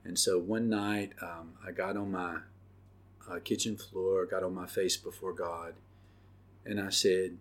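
A middle-aged man hosting a podcast and telling his personal testimony, earnest and halting, with many pauses and fillers. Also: deep voice, flat delivery. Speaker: podcast host.

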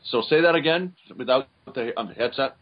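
A man being interviewed as a guest over a remote call, chatting in a rambling, halting way with many restarts. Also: mid-range voice, muffled recording, a little hiss or hum. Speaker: guest voice actor. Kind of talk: casual interview chat.

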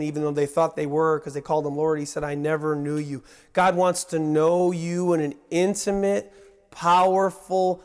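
High-voiced preacher, earnest. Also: male voice, clean tone. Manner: earnest, swings between hushed and excited emphasis. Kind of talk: sermon.

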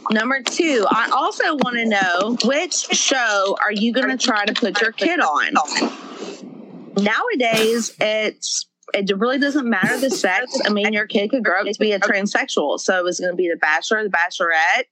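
A woman's voice: medium pitch, lively intonation, moderate pace, sharp tone, a little hiss or hum, poor audio. A woman delivering a profane stand-up roast on a podcast, full of brash, crude insult jokes.

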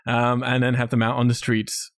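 A man's voice: mid-range voice, monotone, moderate pace, creaky, no room sound, clean studio sound. Blunt, ranting male podcast co-host. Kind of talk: casual film review chat.

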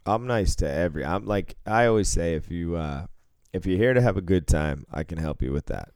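A man's voice: sits low, expressive, fairly quick, a little mellow, clean tone, no room sound. A man chatting casually, telling a story about his work and acting out what people said, laughing often. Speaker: casino floor supervisor. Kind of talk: casual chat.

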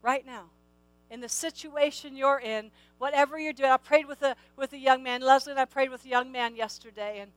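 A woman's voice: high-pitched, fairly even intonation, brisk, clean tone, dry recording, low-quality recording. A middle-aged woman preaching a sermon, emphatic, repeating key phrases and asking the listeners questions.

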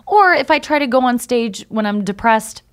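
A woman's voice: on the high side, expressive, normal speed, clean tone. A woman stand-up comedian in casual conversation, candid and chatty, telling stories and acting out quoted lines. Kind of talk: casual podcast chat.

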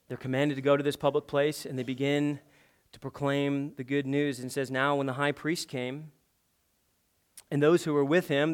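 High-voiced emphatic male preacher. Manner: emphatic, swings between loud urgent passages and hushed intimate ones; conversational asides and rhetorical questions. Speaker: pastor. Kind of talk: sermon.

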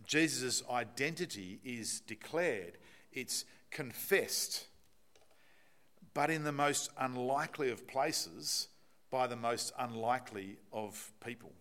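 A man's voice: mid-range voice, slow pace, a bit bright. A man preaching a sermon, explaining a Bible passage and putting rhetorical questions to the congregation.

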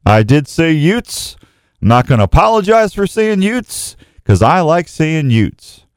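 A man hosts an outdoors show in relaxed live chat. He rambles in a folksy, eager way. His voice is smooth and resonant, recorded dry with no room sound. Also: on the high side, measured pace, no room sound.

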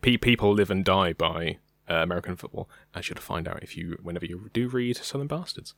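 A man's voice: low-pitched, a little fast, a bit bright, no room sound, clean studio sound. A young British man co-hosting a podcast, talking casually and hesitantly, with many ums. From Britain. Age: young adult. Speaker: podcast co-host. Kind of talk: casual chat.

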